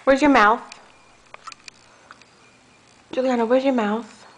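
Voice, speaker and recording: A woman using slow, sing-song baby talk as she coaxes a toddler at home, recorded on a home video camera. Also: a little high, steady tone. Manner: sing-song, coaxing, playful. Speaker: caregiver playing with a toddler.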